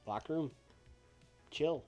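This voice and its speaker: A man casually commentating on a wrestling booking game he streams, in an animated, jokey, rambling way. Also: on the high side, slow. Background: faint background music.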